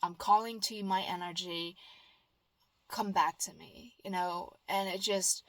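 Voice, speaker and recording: A woman's voice: lowish voice, fairly even intonation, unhurried, a bit bright, no echo. A woman vlogger in casual chat, rambling and earnest, with lots of fillers and restarts. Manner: upbeat and earnest.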